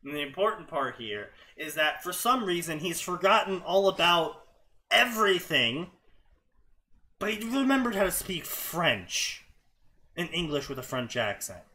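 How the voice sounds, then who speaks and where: A man's voice: a little high, sing-song, a little slow, bright, forceful tone, low-quality recording. A man hosting a comedy show, reading fanfiction aloud with exasperated, sarcastic commentary. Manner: exasperated, sarcastic, often laughing.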